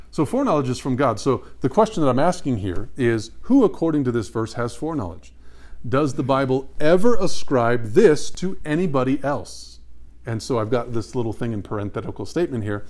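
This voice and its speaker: Male Bible teacher, mid pitch, emphatic, quizzes his class on scripture. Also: darkish tone. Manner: emphatic, asks the audience questions and repeats answers.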